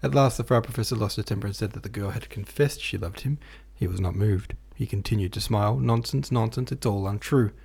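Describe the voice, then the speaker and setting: A man reading a classic novel aloud as an audiobook narrator, with a measured, even delivery. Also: on the low side, creaky, husky. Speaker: podcast host and audiobook reader.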